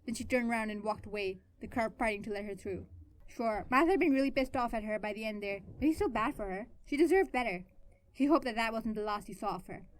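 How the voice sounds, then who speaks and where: A woman narrating her own fan fiction, expressive and swinging between soft and loud. Her voice sits fairly high for a woman. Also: fast talker.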